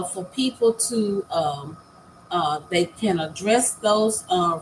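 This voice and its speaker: An older woman talking casually to her viewers as a new content creator, earnest and heartfelt, pausing often with many fillers and repeated words. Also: on the high side, fairly bright tone, rough recording. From United States. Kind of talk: casual vlog talk to viewers. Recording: faint background noise.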